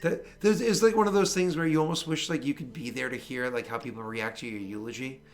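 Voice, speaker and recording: The game master, medium-pitched and fast, spins an animated story in casual chat. He curses a lot and performs how his friends reacted.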